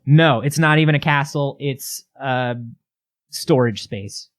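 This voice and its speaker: A man's voice: medium pitch, slow. A man co-hosting a comedy podcast, ranting jokily and swearing freely in casual chat. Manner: profane, ranting, jokey. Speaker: podcast co-host.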